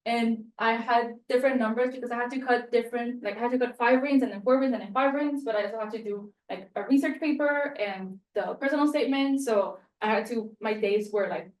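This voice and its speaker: A woman's voice: on the high side, brisk, hardly any pauses. A young woman from Mexico giving a spoken end-of-year student presentation, chatty and self-deprecating, with lots of fillers. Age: young adult. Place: room at a university. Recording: echoey room, mic set at a distance.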